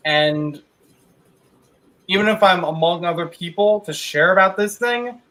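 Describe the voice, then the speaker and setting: A man's voice: high voice, measured pace, bright, forceful tone, rough recording. A man co-hosting a casual chat, thoughtful and hedging as he searches for the right words. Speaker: podcast co-host.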